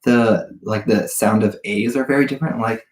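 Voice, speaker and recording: Calm young man in an echoey room. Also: fairly low pitch, moderate pace. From Canada. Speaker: host's boyfriend, co-host. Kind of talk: casual livestream Q&A chat.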